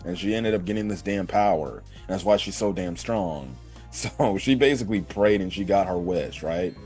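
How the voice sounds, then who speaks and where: An anime reviewer with a deep, darkish voice casually recaps an episode at normal speed over soft background music. He rambles and curses, leaning heavily on fillers like "like" and "right."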